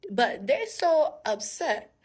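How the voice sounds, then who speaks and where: A woman giving a casual, animated Bible-story sermon. She laughs often and talks straight to her viewers. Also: a little high, takes it slowly, husky. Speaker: faith speaker.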